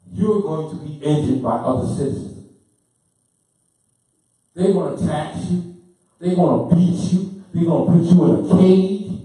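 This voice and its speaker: A man lectures with fervent, preaching insistence and hammers his points through repetition. His voice sits high and mellow. He is heard from well off the mic in a very echoey room. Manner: fervent, preaching, repeats himself, gets loud then apologizes. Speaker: speaker. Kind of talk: impassioned lecture. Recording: roomy, from far off the mic.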